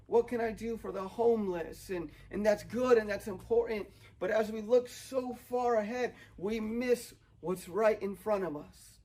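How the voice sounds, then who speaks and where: A man's voice: high-pitched, a little mellow, poor audio. A young man preaching a sermon outdoors, earnest and building to fervent emphasis. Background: dog barking, wind.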